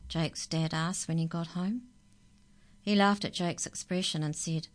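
A woman calmly reading a children's story aloud. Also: low voice, normal speed.

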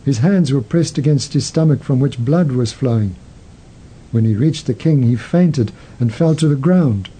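Guy reading a story slow and gentle, really dark mellow voice, bit husky. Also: medium pitch, animated, poor audio. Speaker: host. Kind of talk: storytelling narration.

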